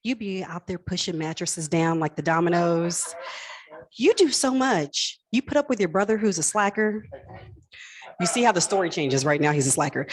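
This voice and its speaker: A woman's voice: on the low side, animated, moderate pace, low-quality recording. A woman calling a live charity auction on stage, playfully coaxing and teasing bidders by name. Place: event hall stage.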